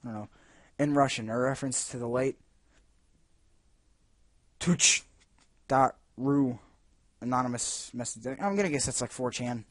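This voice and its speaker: A man's voice: medium pitch, a little slow, long pauses, no room sound, clean studio sound. A man reviewing a video game, reading its text aloud and breaking off into sarcastic, jokey asides. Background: faint game music.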